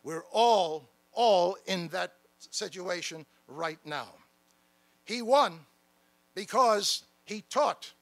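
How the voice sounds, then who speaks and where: A man's voice: high-pitched, vocal fry, pushed and bright, full character voice. A man playing a fiery revolutionary founding father, giving an impassioned, emphatic political speech from a stage at a podium microphone. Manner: impassioned, emphatic, calls out to the crowd. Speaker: keynote speaker. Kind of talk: rousing political speech in character. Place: stage at a large gathering.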